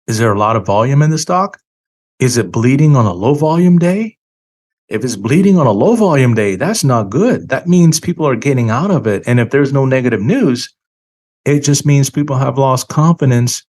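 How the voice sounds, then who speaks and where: A man's voice: medium pitch, darkish tone. A man hosting a finance channel, talking in an opinionated monologue and leaning hard on key words, a little tired. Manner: emphatic, drawn-out stresses on key words.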